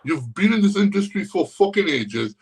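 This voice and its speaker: A man telling gym stories on a podcast, swearing constantly and ranting in a loud, worked-up way. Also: high voice, sing-song, moderate pace, slightly rough, poor audio. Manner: profane, ranting storyteller. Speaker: podcast guest. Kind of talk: casual podcast chat.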